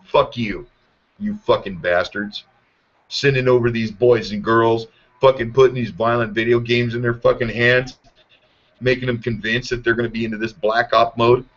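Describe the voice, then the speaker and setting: At normal speed and with a steady tone, a man with a medium-pitched, slightly bright voice hosts a show full of angry, sarcastic political ranting and constant swearing. The lo-fi audio sounds muffled.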